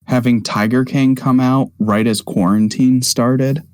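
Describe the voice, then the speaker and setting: A man co-hosting a podcast, chatting casually with quick, opinionated, joking asides. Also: mid-range voice, steady tone, a little mellow, clean tone, dry recording. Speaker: podcast co-host. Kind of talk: casual chat.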